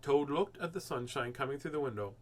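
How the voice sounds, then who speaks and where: Animated male storybook reader. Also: medium pitch, fairly quick. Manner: animated, expressive reading. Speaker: children's book reader, host. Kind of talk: storybook read-aloud.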